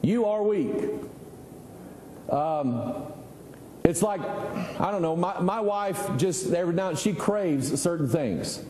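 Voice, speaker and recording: A man's voice: high-pitched, a little slow, hardly any pauses, warm tone, roomy sound, big-room sound, slight background noise, low-quality recording. A middle-aged male pastor, preaching a folksy, conversational sermon full of rhetorical questions.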